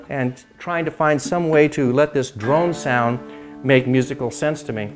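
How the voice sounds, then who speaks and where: An older man from the Pacific Northwest of the United States, a host and dulcimer player, looks back on his early years in music in a casual, rambling monologue. His voice sits on the high side with lively intonation and a normal pace, full of fillers and restarts. Every so often he pauses to strum chords, demonstrating them as he talks.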